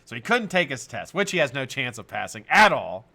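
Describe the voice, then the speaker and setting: Talking fairly quickly in a mid-range voice with vocal fry, this middle-aged streamer spins casual stories for his chat. His manner is lively, full of swearing and frequent laughter.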